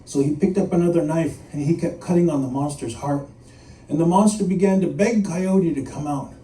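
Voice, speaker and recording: A man's voice: on the high side, normal speed. Playful male storyteller in an echoey room. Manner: animated and playful, with chuckles. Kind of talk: live oral storytelling. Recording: echoey room, mic at a distance.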